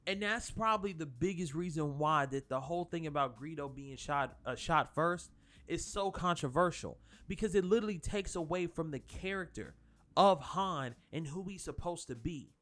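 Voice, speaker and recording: A man's voice: a little high, animated, moderate pace, a bit bright, soft background music. A man giving a casual spoken film review, rambling and profane, with frequent fillers and restarts. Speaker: channel host reviewing a film.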